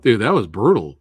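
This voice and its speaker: A man's voice: mid-range voice, slightly rough, dry recording, studio quality. A man hosting a live Q&A stream, chatting casually and answering viewers by name.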